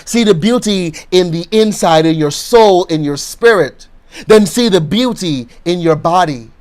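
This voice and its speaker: High-voiced male pastor, conversational motivational sermon, leads call-and-response affirmations. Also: animated, unhurried, a little mellow. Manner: conversational, chatty asides.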